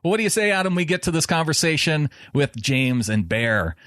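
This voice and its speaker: A man's voice: a little high, big pitch swings, brisk, fairly bright tone, dry recording, studio quality. A man co-hosting a sports podcast, chatting in an easygoing way and laughing often. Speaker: podcast co-host. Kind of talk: casual sports chat.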